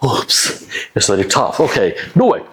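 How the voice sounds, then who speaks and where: A man teaching pronunciation in an enthusiastic lesson, demonstrating sounds with breathy pushes of air and phrasing. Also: fairly high pitch, big pitch swings, measured pace.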